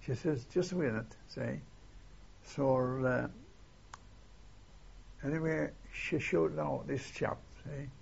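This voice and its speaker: Gravelly old man telling war stories. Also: medium pitch, slow, pauses often, a little mellow, dull audio. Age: older. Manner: rambling, keeps adding "see?" and "eh?". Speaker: interviewee recalling war memories. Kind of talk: oral history storytelling.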